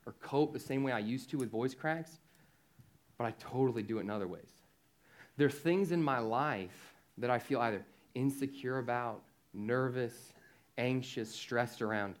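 A man giving a youth sermon, who talks lively and often asks the young audience "right?". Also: mid-range voice. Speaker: youth speaker.

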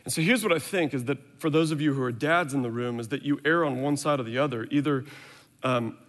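A man's voice: mid-range voice, quick pace, big-room sound. A man in his thirties preaching a sermon, telling a candid story about his own family and acting out what everyone said. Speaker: pastor.

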